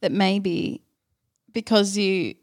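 A woman's voice: medium pitch, steady tone, drawn-out words. Woman guest on a podcast, chill chatty tone, filling in trip details. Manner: laid-back, adds details and corrections. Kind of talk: casual travel recap chat.

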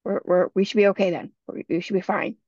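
A frantic camp ranger who drops to a hushed, uneasy voice, as a woman acts him out. He sounds quiet and tense. The recording is dull and lo-fi, with a dry, close feel. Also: mid-range voice, steady tone, fast, no room sound, close to an everyday voice.

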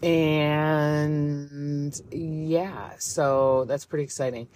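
A woman's voice: low-pitched, steady tone, very slow, a little mellow. A tired woman in her thirties talks through a casual solo podcast, rambling from one thought to the next. She is candid and swears freely, her voice sounding worn out and prone to yawns. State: tired, yawning. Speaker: podcast host.

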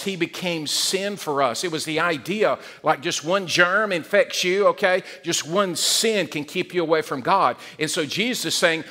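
A man preaching a sermon as pastor, animated, often repeating words and acting out quoted voices. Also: on the high side.

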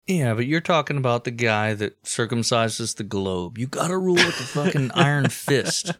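A man co-hosting a comedic history podcast, telling the story in a crude, deadpan joking way. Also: medium pitch, normal speed, no echo. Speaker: podcast co-host.

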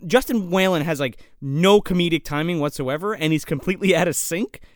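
A man in casual chat as a podcast co-host, animated, swearing a lot and laughing often. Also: a little high, a little fast, no room sound, studio quality.

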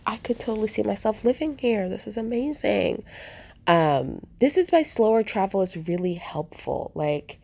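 A woman's voice: sits low, a little mellow. A woman hosting a travel podcast, talking casually and rambling with lots of "like" and "um" as she speaks straight to her listeners. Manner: chatty, rambling, frequent "like" and "um", addresses listeners as "y'all". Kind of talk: casual solo podcast monologue.

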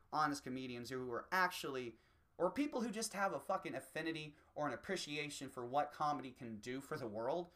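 A man delivering a rambling, swear-filled opinion rant, slipping into quick mocking voices. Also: fairly high pitch, sharp tone. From United States. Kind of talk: profane opinion rant monologue.

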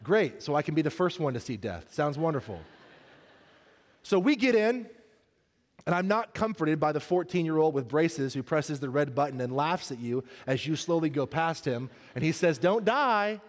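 A man as pastor, preaching a sermon, telling a funny story and then turning earnest and soft. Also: on the high side, expressive, moderate pace, long reverb tail.

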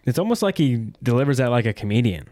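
A man co-hosting a podcast in casual chat, relaxed, blunt and joking. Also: medium pitch, fast, no echo. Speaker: podcast co-host. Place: studio. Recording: dry close studio mic.

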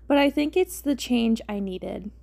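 A woman's voice: a little high, lively intonation, measured pace, gravelly, dark tone, exaggerated voice. A woman reading as a shy young woman. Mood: coy.

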